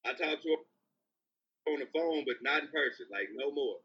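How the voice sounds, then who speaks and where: A man co-hosting a podcast in casual chat, telling profane, animated stories and teasing a listener. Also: fairly high pitch, measured pace, slightly rough. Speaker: podcast co-host. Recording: dull lo-fi sound.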